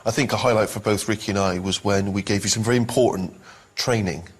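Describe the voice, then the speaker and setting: Fast-talking low-voiced man. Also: steady tone, slightly rough. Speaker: co-host.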